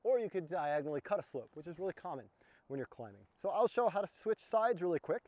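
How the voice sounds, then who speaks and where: A man's voice: sits high, animated, quick pace, a little mellow, dry recording. A man from the United States teaching mountaineering footwork, explaining each step as he demonstrates it on a snow slope. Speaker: mountaineering instructor. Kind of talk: outdoor skills demonstration.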